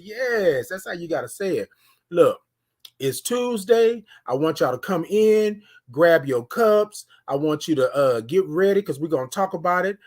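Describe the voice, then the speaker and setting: A woman's voice: fairly low pitch, expressive, moderate pace, a little mellow. A woman hosting a live morning show, greeting viewers in a sing-song way and stretching out her words. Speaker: host.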